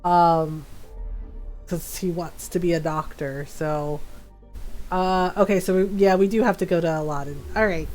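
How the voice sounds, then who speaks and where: A woman's voice: lowish voice, a little slow, darkish tone, faint music behind. A woman chatting casually while live-streaming a game, full of fillers and laughs.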